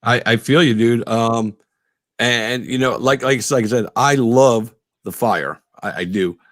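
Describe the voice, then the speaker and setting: A man's voice: medium pitch, unhurried, fairly bright tone, no echo, studio quality. A man hosting his own podcast, chatting casually with a guest, rambling with many fillers. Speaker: podcast host. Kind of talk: casual interview.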